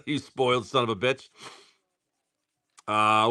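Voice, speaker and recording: Opening card packs live, a man rambles casually and curses, often restarting his sentences. He takes it slowly with long pauses, and his medium-pitched voice is bright and forceful.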